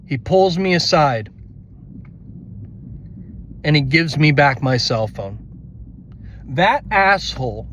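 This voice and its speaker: A male comedian rambling through a casual, self-deprecating podcast monologue from inside a car. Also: high-pitched. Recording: slightly muffled car recording with road hum.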